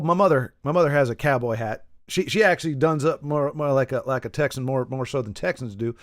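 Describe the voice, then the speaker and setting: A man's voice: medium pitch, no room sound, studio quality. A man streaming a video game, chatting casually with viewers in a rambling, self-correcting way, with joking asides. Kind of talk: casual live-stream chat while gaming. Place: in Texas.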